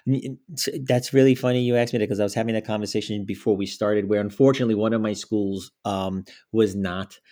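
A man's voice: fairly low pitch, fast talker, hardly any pauses. A man in his forties, a school director, telling stories in a podcast interview and acting out what people said. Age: 40s. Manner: animated storyteller, acts out quotes.

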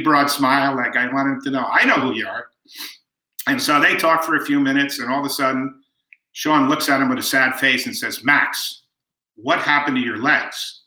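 A man's voice: mid-range voice, roomy sound, rough recording. A middle-aged man telling family anecdotes as an interview guest, quoting people as he goes. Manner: warm anecdotal storyteller, quotes people. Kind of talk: storytelling interview.

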